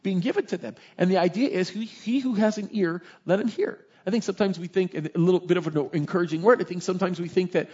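A man preaching a sermon, telling Bible stories in an animated way and acting out the characters. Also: high voice, fast talker, few pauses, husky, highs cut off. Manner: animated storytelling, voices characters in the tale.

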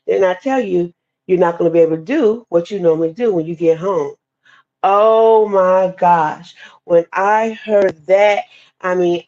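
A woman telling a personal testimony story in a lively, expressive way, talking straight to her listeners. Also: fairly low pitch. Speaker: guest speaker sharing testimony. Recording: dull lo-fi podcast audio.

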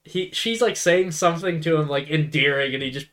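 A man with a slightly higher voice, co-hosting a loose podcast conversation about a comedy film. He laughs readily and jumps in to quote his favorite moments. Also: a bit bright. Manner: laughing often, quick to quote scenes. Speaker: podcast co-host. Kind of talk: casual chat, retelling a movie.

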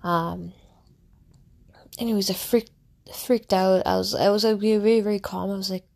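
A woman's voice: mid-range voice, steady tone, normal speed, darkish tone. A young woman, a content creator, telling a candid personal story in a casual, rambling way, full of fillers and restarts. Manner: candid and reflective.

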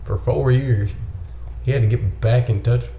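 A man's voice: mid-range voice, a little slow. A man co-hosting a casual movie commentary chat, making brief, enthusiastic interjections. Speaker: podcast co-host. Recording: slightly dull, echoey room with faint noise.

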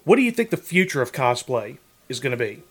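A man's voice: mid-range voice, very animated, fairly quick, husky. A man co-hosting a casual interview, bantering and joking as he asks questions. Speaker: co-host interviewer.

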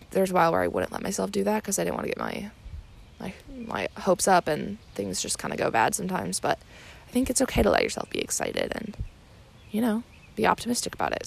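A woman's voice: fairly low pitch, vocal fry. A young woman hosting a casual solo podcast, chatty and rambling, with many fillers and restarts. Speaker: podcast host.

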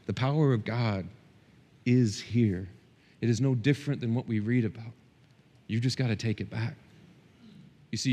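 A middle-aged male pastor preaching a sermon in a church, impassioned, swinging between loud peaks and quiet, intimate stretches. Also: mid-range voice, in a large hall. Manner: impassioned, rising and dropping sharply for emphasis. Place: church hall.

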